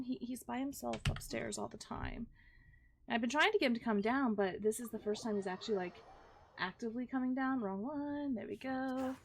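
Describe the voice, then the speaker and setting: A woman's voice: a little high, expressive, normal speed, creaky, faint music behind. A young woman streaming a video game, chatting casually and talking to her pets between plays. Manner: chatty, talks to her pets in baby talk. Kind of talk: casual live-stream chat while gaming.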